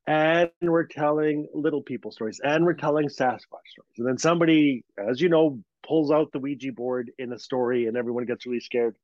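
A man from Northern Canada, a guest telling a story in a lively way, laughing as he goes and acting out the voices. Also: medium pitch, a little fast, few pauses, dry recording. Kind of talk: animated storytelling. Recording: dull lo-fi sound.

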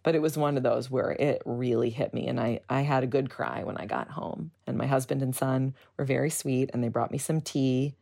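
Very low gravelly woman rambling through a story, lots of fillers, soft music underneath. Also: steady tone, normal speed, hardly any pauses. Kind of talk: candid interview recollection.

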